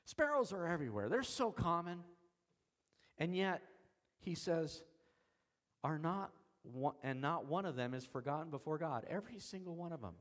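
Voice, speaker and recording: A man preaching an expository sermon, shifting from soft, slow lines to loud emphatic ones, with folksy, self-deprecating asides. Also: a little high, lively intonation. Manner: dramatic swings between soft and emphatic, slows on key words. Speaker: pastor.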